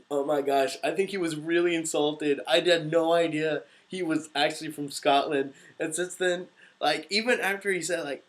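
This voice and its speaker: Young male voice actor hosting a live chat; bright, slightly high voice, chatty and quick to laugh. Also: steady tone. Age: young adult. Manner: chatty, laughs often, reads viewer questions aloud. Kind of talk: casual live-stream chat.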